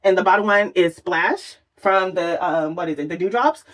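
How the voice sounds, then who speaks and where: A woman's voice: fairly low pitch, normal speed, hardly any pauses. A woman chatting casually through a makeup tutorial, exclamatory and swearing freely as she works. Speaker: makeup vlogger.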